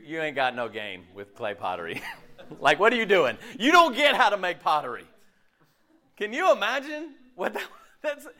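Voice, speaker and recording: A male minister delivering a chatty, humorous sermon. His voice sits a little high and sounds sharp and bright. He keeps turning to his listeners with questions. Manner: joking, animated, asks the room questions. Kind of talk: conversational sermon.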